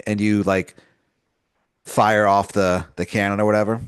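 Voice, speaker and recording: A man's voice: lowish voice, level tone, moderate pace, long pauses, clear, resonant tone, no room sound, studio quality. A man hosting a podcast, improvising a second-person story with lots of fillers and chuckles as he goes. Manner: rambling, filler-heavy, chuckles through his own story. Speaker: host narrating an improvised story.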